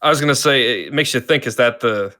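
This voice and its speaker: A man co-hosting a casual chat, laid-back, chuckling often and trailing off softly. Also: medium pitch, brisk. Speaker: podcast co-host.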